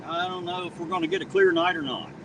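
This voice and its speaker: Greeting viewers by name as he reads their chat, a man jokes and chats through a casual night-time live stream on a town street after rain. He speaks quickly in a high-pitched, level tone. Faint street noise and a slightly distant mic shape the sound.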